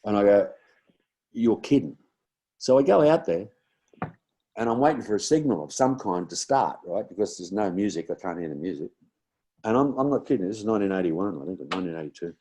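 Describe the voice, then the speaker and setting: A man's voice: fairly low pitch, animated, fast talker, mellow, slightly rough. A man in his sixties with an Australian accent, a guest comedian telling rambling stories in a casual chat, with many fillers and restarts.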